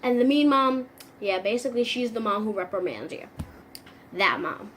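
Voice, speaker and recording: Young female vlogger, comic and animated, higher-pitched voice, faint background hiss. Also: moderate pace. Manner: animated, sarcastic, acts out little scenes. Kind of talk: comedic vlog monologue.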